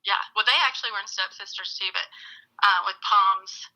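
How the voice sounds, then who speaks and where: Bright, lively woman telling stories. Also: mid-range voice, normal speed, low-quality recording. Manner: animated, acts out quoted voices, laughs often. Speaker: guest. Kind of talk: casual storytelling interview.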